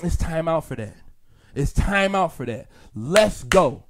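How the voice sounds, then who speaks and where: A man preaching a motivational sermon in a repetitive, sing-song cadence, rising to shouts and dropping soft and low. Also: lively intonation, a little slow. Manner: rises to shouts, then drops soft and low.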